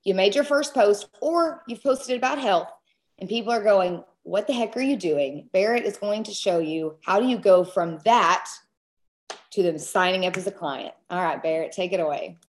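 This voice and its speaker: A woman's voice: mid-range voice, normal speed. A woman hosting a team training call, emotional and gushing, talking casually. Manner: gushing, emotional, says "freaking" and "y'all". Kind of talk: casual motivational talk.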